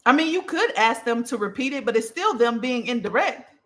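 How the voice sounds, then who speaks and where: Punchy bright-voiced woman coaching. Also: a little high, fairly quick. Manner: emphatic, checks in with "okay?" and "right?"; animated, punchy delivery. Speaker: communication coach. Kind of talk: casual teaching talk.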